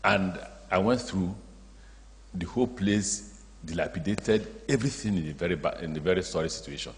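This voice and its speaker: A low-voiced man with a Nigerian accent, a state governor, speaks at a normal pace to an education summit in a large conference hall. He tells anecdotes as a lively storyteller, acting out the dialogue and drawing laughs from the audience. The recording carries the reverb of the hall.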